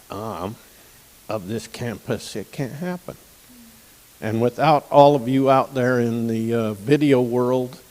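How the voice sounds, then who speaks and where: Older man, unhurried and folksy, emotional thank-you speech, average pitch. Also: a little mellow, big-room sound, rough recording. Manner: folksy and rambling, with pauses and throat-clearing. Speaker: graduating guide dog client. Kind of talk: casual graduation speech. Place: outdoor campus stage with audience.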